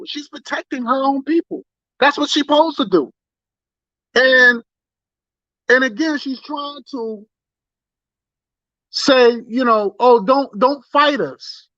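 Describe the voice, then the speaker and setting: High-voiced, indignant man on talk radio. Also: pushed and bright, dry recording, highs cut off. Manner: emphatic and indignant, with stumbling repeats. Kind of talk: impassioned political commentary.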